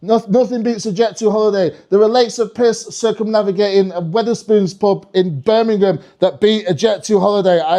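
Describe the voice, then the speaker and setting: High-voiced British stand-up comedian. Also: male voice. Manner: animated, swearing, slips into mock French voices. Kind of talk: live stand-up comedy set. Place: comedy club stage.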